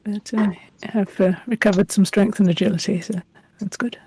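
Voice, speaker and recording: A woman with a mellow, dark tone chats casually as a player in a tabletop game. Faint hiss lies under her voice. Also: medium pitch, steady tone, moderate pace, poor audio.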